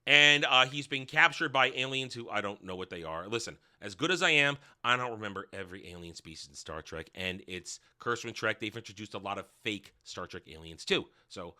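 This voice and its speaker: A sarcastic man rambles through a casual show recap with profane asides. His voice is sharp and forceful, and his pitch swings in a lively way. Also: brisk, few pauses. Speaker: TV review host. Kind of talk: casual spoken review recap.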